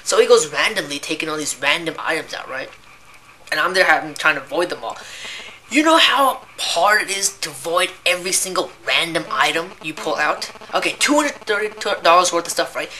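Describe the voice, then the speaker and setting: A woman's voice: low-pitched, lively intonation, a little fast, pushed and bright, a little hiss or hum. A young woman who works as a cashier, ranting in a casual, rambling way about annoying customers and filling her talk with "like" and "right?". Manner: exasperated, rambling, heavy use of "like" and "right?".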